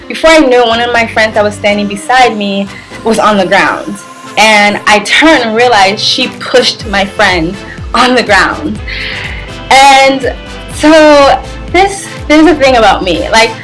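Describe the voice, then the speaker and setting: A young woman vlogger telling a story in a casual, animated way, full of fillers and little laughs. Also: medium pitch, poor audio. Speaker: travel vlogger.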